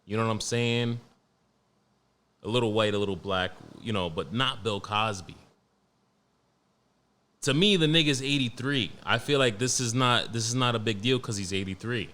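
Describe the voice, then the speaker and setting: A young man hosting a solo podcast, talking in a blunt, profane, joking way and reading news out loud. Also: on the low side, moderate pace, long pauses. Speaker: podcast host. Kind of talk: casual solo podcast monologue.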